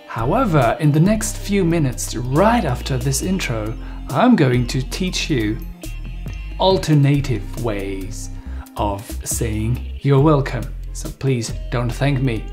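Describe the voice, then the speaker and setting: A man's voice: mid-range voice, a little mellow. A man giving an English lesson as the teacher, playfully acting out phrases with exaggerated intonation. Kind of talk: video lesson.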